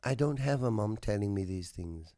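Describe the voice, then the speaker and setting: A man hosting a radio talk show, telling a moral story in a slow, earnest way that drops to a soft hush at its tender moments. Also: lowish voice, lively intonation, no room sound, studio quality. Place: radio studio.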